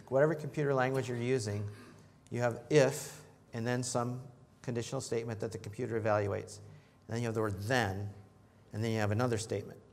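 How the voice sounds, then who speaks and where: A man delivering a church sermon at an ordinary mid pitch. His manner is easygoing and chatty, with jokes and questions tossed to the congregation. He lifts his voice and gets louder whenever he reads scripture. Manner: conversational, joking with the congregation; rises in pitch and volume when reading scripture. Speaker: preacher.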